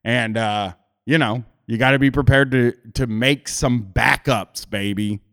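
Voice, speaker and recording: A man's voice: medium pitch, steady tone, unhurried, fairly bright tone. A man talks casually on his podcast, wandering through a story with plenty of restarts and offhand swearing. His voice sits in an ordinary middle register. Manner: rambling, frequent restarts and swearing. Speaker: podcast host.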